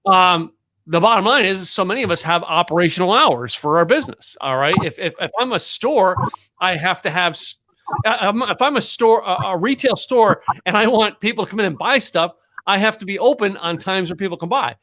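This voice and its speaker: Bright-voiced man co-hosting a business podcast. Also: sits high, expressive. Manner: halting, repeats words and restarts. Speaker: podcast co-host. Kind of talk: casual business talk.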